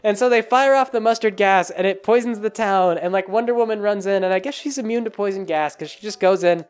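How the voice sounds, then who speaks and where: A man's voice: sits high, a little fast, clear, resonant tone, soft background music. A man rambling sarcastically through a casual movie recap, full of fillers and restarts. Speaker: vlogger.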